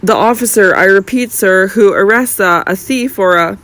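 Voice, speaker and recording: A reader voicing a terrified, broken old retired lieutenant who pleads in a shrill, hoarse, half-screaming voice. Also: moderate pace, fairly bright tone, lightly acted. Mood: shaken dignity. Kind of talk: audiobook character voice.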